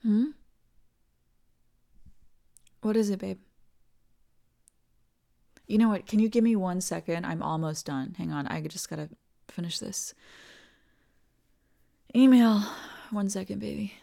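Slow gravelly woman in a whispered role-play. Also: mid-range voice. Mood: tender. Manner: soft, tender, soothing, slips into whispers. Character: doting, reassuring partner comforting the listener.

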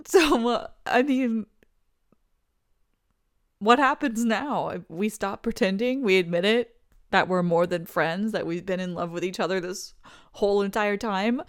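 A woman's voice: medium pitch, a little slow, no echo, studio quality, close to an everyday voice. A young woman voicing a pregnant best friend who confesses her love in an audio role-play, talking emotionally with stammers and laughing through tears. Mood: tearful joy.

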